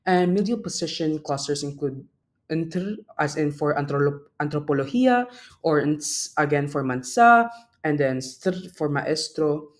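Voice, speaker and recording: A man's voice: a little high, expressive, measured pace. A young man, a student presenter, reading a prepared class presentation and stopping to sound out example words. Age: young adult.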